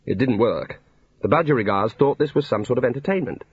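A man's voice: medium pitch, animated, a little fast, slightly rough, no echo. A man narrating a comic fantasy novel in a dry storytelling manner. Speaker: audiobook narrator. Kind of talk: scripted narration. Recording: dull lo-fi recording.

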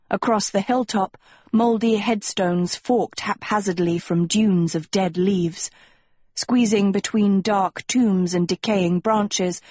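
A woman narrates a storybook at a slow, unhurried pace. Her voice is slightly breathy and husky, heard close and dry with no room sound. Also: on the low side, darkish tone, dry recording. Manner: measured storytelling. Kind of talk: audiobook narration.

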